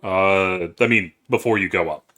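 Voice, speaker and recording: A man running a tabletop game as game master, briskly working out movement and rules aloud for his players. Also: low-pitched, bright, forceful tone.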